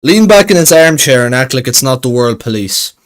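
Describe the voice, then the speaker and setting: A man's voice: medium pitch, expressive, brisk. A man from Russia reacting to a clip on a livestream in casual commentary, blunt, sarcastic and profane.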